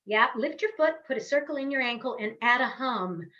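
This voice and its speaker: A woman voice coach leading a guided vocal warm-up over a webcam, giving encouraging step-by-step instructions with long hums. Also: a little high, expressive, fairly quick, lo-fi sound. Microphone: webcam on a video call.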